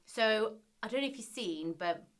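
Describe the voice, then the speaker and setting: A woman in a casual interview, telling her stories with animated delivery and acting out what people said. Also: medium pitch, moderate pace. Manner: animated storyteller, acts out quotes. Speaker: guest, former reality TV business contestant.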